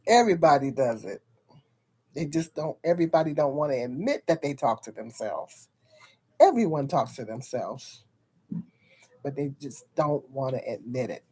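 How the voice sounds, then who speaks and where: A woman's voice: extremely low pitch, expressive, normal speed, dark tone, husky. A woman hosting a casual livestream who rambles, repeats her words and breaks into laughter often while talking frankly to her viewers. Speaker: livestream host.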